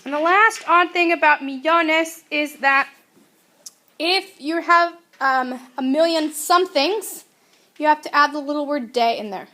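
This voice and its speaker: A woman teaching a grammar lesson, speaking clearly and deliberately and drilling her students to repeat words. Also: sits high, sharp tone. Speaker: Spanish teacher.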